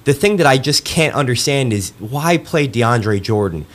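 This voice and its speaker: A man co-hosting a sports podcast, analyzing basketball in a measured, steady way. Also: mid-range voice. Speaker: podcast producer, co-host.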